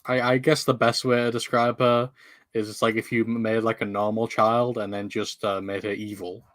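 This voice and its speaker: A tired man speaking in a flat monotone over a video call. His voice is low-pitched and dry, with no room sound, and there is no lift in his delivery at all. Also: normal speed, dry recording. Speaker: player. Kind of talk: casual play at the table.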